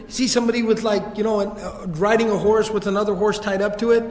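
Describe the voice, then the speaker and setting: A man with a high voice tells history stories to a class in a loose, casual way, dropping slangy asides. The sound carries a long reverb from a large, roomy hall. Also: fairly even intonation, quick pace, few pauses, a little mellow. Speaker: teacher.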